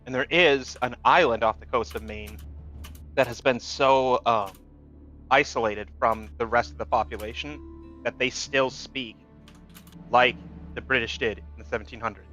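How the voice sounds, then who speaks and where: A man's voice: mid-range voice, steady tone, normal speed, bright, forceful tone, soft background music. A man in a casual gaming chat with friends, explaining things at length in a confident, lecturing way. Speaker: gamer chatting with friends. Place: home gaming setup, voice chat.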